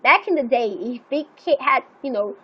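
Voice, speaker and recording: Young female streamer, high voice, chatty and rambling, swears freely, slightly muffled audio. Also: moderate pace. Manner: rambling and animated, full of "like" and swearing. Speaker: live streamer. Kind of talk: casual storytelling chat.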